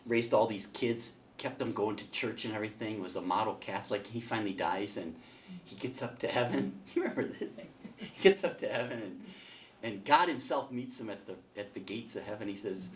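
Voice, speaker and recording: A man's voice: lowish voice, fairly quick, echoey room, a little hiss or hum. A man teaching a catechism class in a casual, folksy way, telling a joke and then making his points. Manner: storytelling, folksy, with fillers. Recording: voice picked up from a distance.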